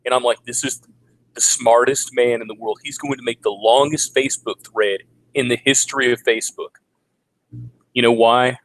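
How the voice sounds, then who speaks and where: Forties male streamer, crude sarcastic ranter, mid-pitched voice, mocks others with high put-on voices. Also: steady tone, normal speed, fairly bright tone, rough recording. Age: 40s. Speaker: vlogger. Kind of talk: casual livestream rant. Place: home in the Philippines.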